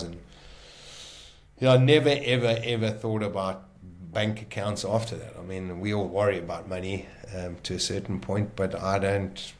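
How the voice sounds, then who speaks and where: Man, middle-aged, somewhat low voice, animated emotional storytelling, guest on a podcast. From South Africa. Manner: animated, emotional, many restarts. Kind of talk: personal storytelling in a podcast interview.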